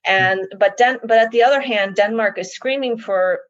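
Speaking at a normal pace in a slightly high voice, a woman from the United States answers questions as a guest in a casual interview. She sounds reflective and hesitant, working through her thoughts with frequent restarts and fillers like "like." The sound is dull, dry and a bit muffled, without echo.

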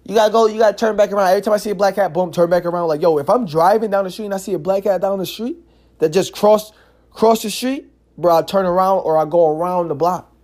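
A man with a slightly higher voice talks through a casual solo podcast. He tells stories in loose, slangy street talk, swears often, and keeps saying "yo" and "like". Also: quick pace. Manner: animated, slangy storytelling with frequent "yo" and "like"; curses freely. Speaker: podcast host.

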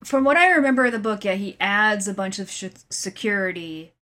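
A woman's voice: medium pitch, animated, brisk, bright, forceful tone. A woman co-hosting a podcast, chatting casually about a film, often agreeing, laughing, and searching for words. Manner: agreeable, giggly, hesitant. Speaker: podcast co-host. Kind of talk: casual movie review chat.

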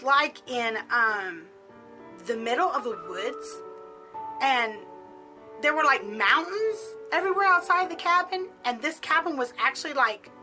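A woman's voice: high-pitched, pushed and bright, rough recording. A middle-aged woman casually telling a personal story, chatty and full of filler words. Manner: chatty, peppered with "like".

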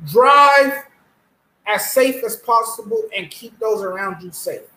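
A man's voice: high-pitched, normal speed, sharp tone. A man co-hosting a casual sports talk show, earnest and emotional, often repeating himself. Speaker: co-host. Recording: roomy echo.

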